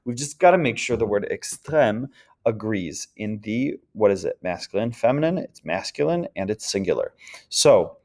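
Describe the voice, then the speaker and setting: A man's voice: lowish voice, lively intonation, normal speed, darkish tone. A man teaching French grammar in a patient, explanatory lecture, checking in often with his students. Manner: patient, explanatory, frequent "d'accord?" checks and "um" fillers.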